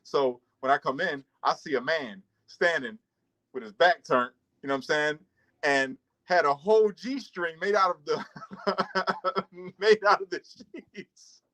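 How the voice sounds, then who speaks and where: A man's voice: a little high, measured pace, low-quality recording. A man casually telling a laughing, profane story about his past on a chat show. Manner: laughs through stories, swears, animated storytelling. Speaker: podcast co-host.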